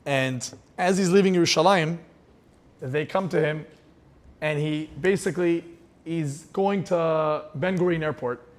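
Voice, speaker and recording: A man's voice: on the high side, a little slow. A man giving an inspirational sermon as a rabbi, telling stories with passion and sprinkling in Hebrew terms.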